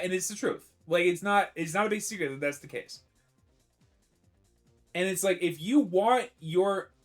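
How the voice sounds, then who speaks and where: A man with a slightly higher-than-usual voice talks casually on a live stream. He rambles, restarts his sentences and argues his opinions firmly, with faint music playing behind him. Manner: rambling, self-correcting, opinionated.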